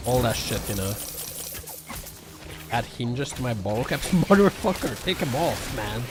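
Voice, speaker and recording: This livestreamer talks casually with his audience and responds to their comments, rambling with plenty of fillers, swearing, and sarcasm. He speaks at a medium pitch with big swings, a little slowly, and leaves long pauses. A music bed runs beneath him.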